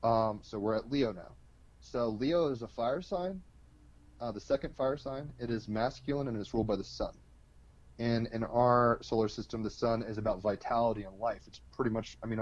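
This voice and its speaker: A lowish, slightly mellow male voice comes through lo-fi audio with no room sound. He's a guest on an interview, explaining astrology in a relaxed, colloquial way, leaning on fillers and now and then cursing.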